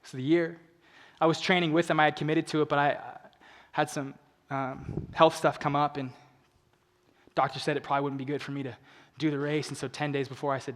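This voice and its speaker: A young man giving an inspirational stage talk. He tells a personal story earnestly, dropping to hushed emotional lows and rising to urgent appeals. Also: level tone, fairly quick. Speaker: motivational speaker. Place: large event hall on stage. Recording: long reverb of a large hall.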